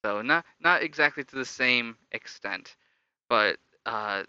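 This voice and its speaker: A man's voice: mid-range voice, expressive, unhurried, pushed and bright, smooth, no echo. A young adult man casually telling stories about his upbringing, reflective and loosely rambling. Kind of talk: casual personal storytelling. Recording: slightly dull lo-fi dry recording.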